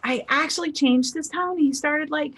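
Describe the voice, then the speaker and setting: Chatty higher-voiced woman, life coach. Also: normal speed, slight background noise. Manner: chatty, acts out quoted people in lively voices. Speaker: spiritual teacher and life coach. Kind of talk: casual motivational talk.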